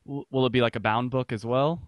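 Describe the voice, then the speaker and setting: A woman with an extremely low voice hosting a podcast interview. She asks short, easygoing questions and signs off the episode. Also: fairly even intonation, a little fast. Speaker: podcast host. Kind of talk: casual interview.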